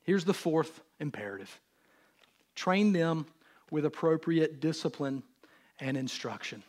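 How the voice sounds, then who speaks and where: A man in his thirties preaching a sermon in church, earnest and animated as he speaks directly to the congregation. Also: fairly high pitch, unhurried. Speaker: pastor.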